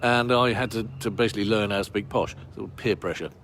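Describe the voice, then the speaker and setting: A man's voice: on the low side, fast talker, fairly bright tone, slight background noise. Rambling man with a posh English accent. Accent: English received pronunciation. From Bristol, England. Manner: chatty, rambling, many uh fillers, wry asides. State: cold outdoors. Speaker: tour guide. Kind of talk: walking tour talk to camera. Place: outdoor street in a town centre.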